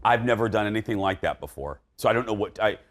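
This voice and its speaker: A man's voice: on the low side, lively intonation, quick pace. A man hosting a studio talk show, chatty and self-deprecating.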